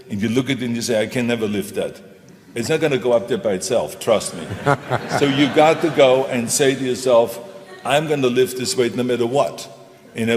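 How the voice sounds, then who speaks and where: A man speaking on a panel in an emphatic, repetitive, motivational way. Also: mid-range voice. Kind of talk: stage panel talk. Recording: reverberant hall.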